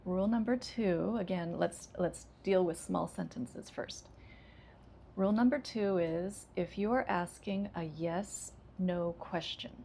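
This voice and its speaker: A woman ESL teacher, calmly explaining English intonation with frequent fillers. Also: on the low side, gravelly, slight background noise. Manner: relaxed, explains slowly with many fillers.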